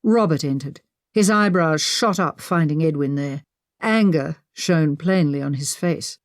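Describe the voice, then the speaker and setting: A woman narrating a historical mystery audiobook in the first person, measured and dramatic, on a close studio mic. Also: deep voice, no room sound.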